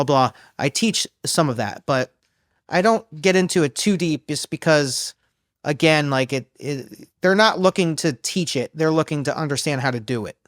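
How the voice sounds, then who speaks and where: A man who coaches singers, explaining in a loose, halting way during a casual podcast interview. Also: mid-range voice, dry recording, studio quality. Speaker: vocal coach. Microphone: studio microphone.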